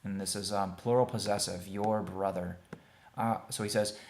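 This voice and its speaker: Patient man slowly modeling Hebrew words. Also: sits low, fairly even intonation. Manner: plain, conversational, thinks aloud with fillers. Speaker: Hebrew teacher. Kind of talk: screen-share language lesson.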